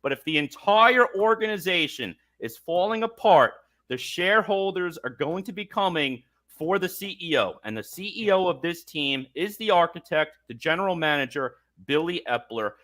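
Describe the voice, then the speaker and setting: High, bright-voiced man ranting about sports. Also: expressive, moderate pace, hardly any pauses. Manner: fired-up, ranting, mocking quotes. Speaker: podcast host. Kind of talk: heated sports talk rant.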